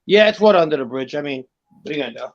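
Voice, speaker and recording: A man's voice: fairly high pitch, lively intonation, very fast. A man telling profane stories in a casual online chat, stumbling over restarts. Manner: profane storyteller with many restarts. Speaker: guest. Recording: dull lo-fi audio.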